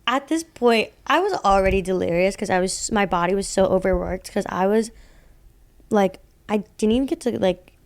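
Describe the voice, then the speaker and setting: A woman's voice: mid-range voice, moderate pace. A young woman co-hosting a podcast, telling a story in a rambling casual way, full of fillers and laughing at herself. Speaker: podcast co-host telling ghost stories.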